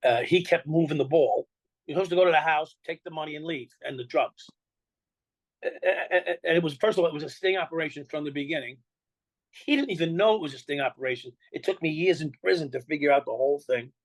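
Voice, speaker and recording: A man's voice: a little high, quick pace, dry recording, low-quality recording. An older man with a New York accent, telling his own story in an interview in a blunt, profane way and acting out the dialogue he quotes. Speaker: interview guest.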